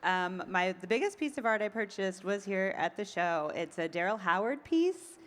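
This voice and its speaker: A woman's voice: mid-range voice, expressive, normal speed, a bit bright. A woman being interviewed, telling stories in a chatty way with frequent ums and laughs. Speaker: event organizer. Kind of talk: casual interview.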